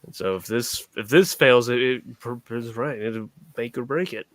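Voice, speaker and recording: A man's voice: medium pitch, normal speed, no room sound. A man on a casual panel chat, eager and restarting his sentences.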